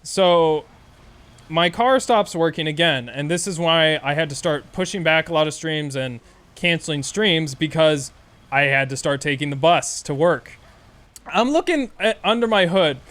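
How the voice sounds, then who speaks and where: A male streamer telling a story casually, animated and swearing often. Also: a little high, measured pace. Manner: profane, animated rant.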